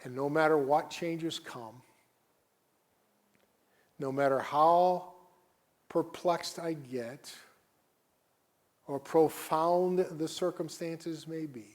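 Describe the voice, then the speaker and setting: Slow, dramatic male preacher. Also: fairly high pitch. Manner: dramatic swings between loud emphasis and quiet asides. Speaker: guest preacher. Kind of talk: sermon.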